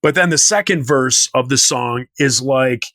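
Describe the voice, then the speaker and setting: Meandering through a story, this forties-aged podcast co-host drifts into humming snippets of tunes along the way. He talks unhurriedly in a medium, fairly bright voice, recorded without echo.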